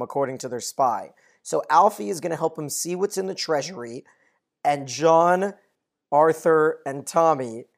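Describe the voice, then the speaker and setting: A podcast co-host retelling TV scenes in relaxed, chatty talk, laughing easily along the way. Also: mid-range voice. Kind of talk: casual TV recap chat.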